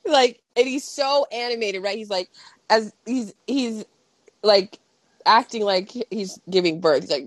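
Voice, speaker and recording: A woman co-hosting a podcast, retelling movie scenes with animated delivery and laughter. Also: mid-range voice, measured pace, no echo. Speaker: podcast co-host. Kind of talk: casual chat.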